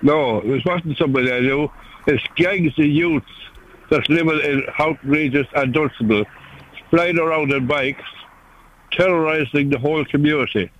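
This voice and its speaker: A man in his seventies, Irish-born, calling in to a radio show, who talks haltingly, often repeating words, in an earnest tone. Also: fairly high pitch, a bit bright, low-quality recording. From Ireland. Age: 70s. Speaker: caller. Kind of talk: phone-in call.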